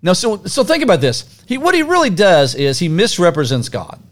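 A man co-hosting a podcast, telling a Bible story in a casual, animated way and acting out scenes with sound effects. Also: high voice, brisk. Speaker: podcast co-host. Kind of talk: casual conversational Bible teaching.

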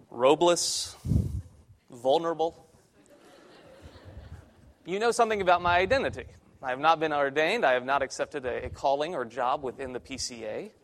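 A man's voice: a little high, expressive, fairly quick. A young man, a church intern, preaching a conversational sermon with self-deprecating humor in a church sanctuary. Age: young adult.

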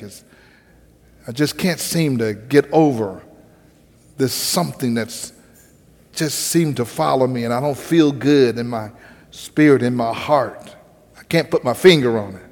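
A man preaching a sermon as pastor, with rising emphasis and pauses. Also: fairly high pitch, long reverb tail.

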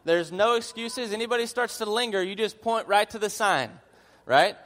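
A man's voice: high-pitched, moderate pace, fairly bright tone. A man preaching a conversational sermon as a pastor, earnest in his teaching and mixing in humorous personal asides. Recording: long reverb of a large hall.

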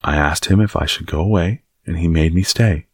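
A man's voice: deep voice, a little fast, slightly rough, no room sound, clean studio sound. A man voicing a blunt, curious little girl in a storybook reading. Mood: matter-of-fact.

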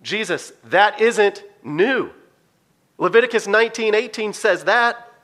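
Baffled disciples protest in high, excited, incredulous tones, as a male preacher puts them on. The voice goes up sharply and bright. They keep objecting as if they can't believe their ears. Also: measured pace.

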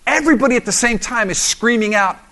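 A man preaching a sermon as pastor, animated and acting out the voices of the story. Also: fairly high pitch, normal speed. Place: church in South Florida.

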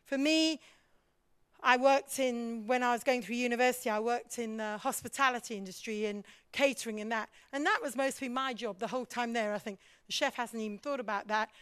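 A lively woman speaks in a high voice, teaching a congregation about leadership. She fires questions at her listeners and acts out other people's voices as she goes. The sound is dry and close, with no room echo. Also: fairly quick, clear, resonant tone. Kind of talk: church teaching talk.

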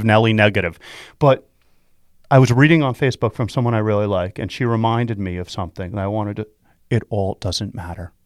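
A man hosting a radio show, giving an excitable, repetitive motivational pep talk from home. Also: mid-range voice, no echo, studio quality. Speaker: radio show host and real estate investor. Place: at home during quarantine.

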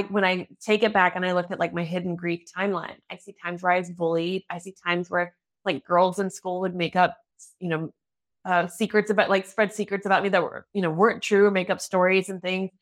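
A woman's voice: fairly low pitch, level tone, a little fast. A woman in her thirties hosting a podcast interview, chatty and candid, laughing often and acting out her own inner thoughts. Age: 30s. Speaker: podcast host. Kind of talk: casual interview chat.

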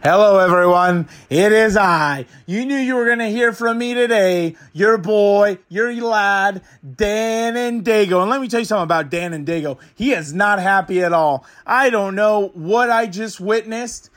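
This is a comic character monologue, with a man voicing a young male sports fan who cannot let a loss go. He rants crudely and with exasperation, voice held high and thin, swinging between disbelief and open cursing. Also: moderate pace, hardly any pauses, a bit bright. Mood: indignant. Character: fired-up young male football fan, ranting.

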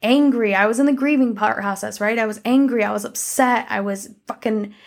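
A woman's voice: a little high, a little fast, vocal fry. A young woman telling a candid personal life update to her camera in a casual, conversational way, full of fillers and the odd swear word. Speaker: vlogger.

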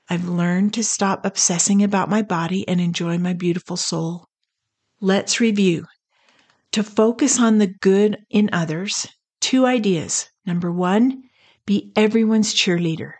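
Woman, middle-aged, podcast host, scripted personal talk, earnest, measured, mid-range pitch. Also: a little mellow.

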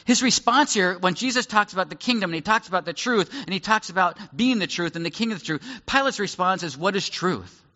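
A pastor gives a conversational teaching sermon in a fairly high, bright man's voice that rises and falls a great deal. His voice rings with long reverb in a church hall, and the sound is a little dull. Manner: conversational, explains and acts out scenes. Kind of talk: sermon, verse-by-verse Bible teaching.

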